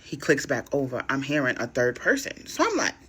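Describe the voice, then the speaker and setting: A woman telling a dating story on a talk show, slangy and expressive, acting out both sides of each conversation. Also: rumbling low, a little fast, slightly rough. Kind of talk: animated story time.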